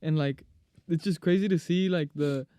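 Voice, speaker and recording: Brief: young male guest, relaxed and modest, warm smooth voice, dry close sound. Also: on the high side, moderate pace, no room sound. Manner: laid-back, humble, lots of filler words. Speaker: guest musician. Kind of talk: casual podcast interview.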